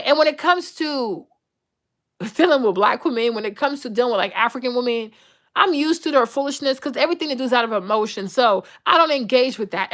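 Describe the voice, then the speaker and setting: A woman vlogger goes on a blunt, profane, unscripted rant, acting out the lines of the people in her stories. Her voice is high-pitched and a bit bright.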